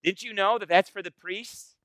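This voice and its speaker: A man leading a Bible study as pastor, in a casual, animated, conversational sermon style. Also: sits high, moderate pace, no echo, low-quality recording. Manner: animated, conversational, acts out quoted voices.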